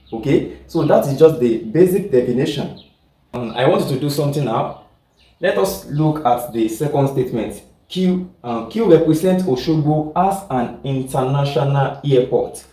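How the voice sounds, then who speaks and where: In an echoey room recorded from a distance, a teacher with a warm, mid-range voice lectures at normal speed. He frequently repeats his points and asks whether the class is keeping up.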